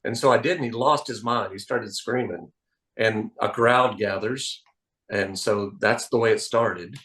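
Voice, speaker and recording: Man telling stories in a low voice. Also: rough recording. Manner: animated anecdotal storyteller. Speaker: magician guest. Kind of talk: interview storytelling.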